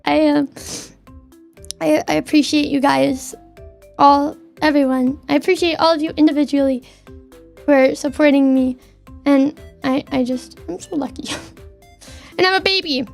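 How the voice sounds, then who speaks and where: A woman's voice: high-pitched, fairly even intonation, measured pace, vocal fry, long pauses, faint music behind. A young woman streamer chatting casually from her desk at home, stammering and repeating words as she talks heartfelt. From Canada. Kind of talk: casual chat.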